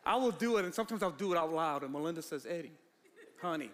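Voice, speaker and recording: A pastor preaching a sermon, swinging from low, quiet asides to shouted, rising lines. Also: male voice, animated, racing. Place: church hall. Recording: long reverb of a large hall.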